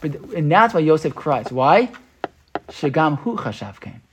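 A man teaching an interactive Torah class. He talks in an animated way, mixes Hebrew terms into his English and keeps checking in with his listeners. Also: fairly high pitch, measured pace, noisy background.

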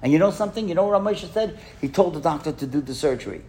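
A man giving a lecture as a rabbi to a synagogue audience, telling a story in an animated way and acting out the voices in it. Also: a little high, racing. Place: synagogue hall with live audience.

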